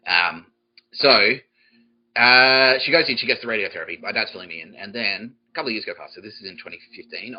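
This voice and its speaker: A man's voice: on the low side, breathy edge, muffled recording. A man hosting a comedy podcast, telling a long, profane, rambling story with many restarts. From Australia. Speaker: podcast host.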